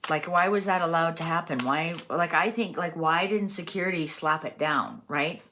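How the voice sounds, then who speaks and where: A woman's voice: low-pitched, normal speed, pushed and bright, a little hiss or hum. A woman doing a chatty tarot reading, musing aloud with lots of fillers as she turns over cards. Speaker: tarot reader. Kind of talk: casual tarot reading monologue.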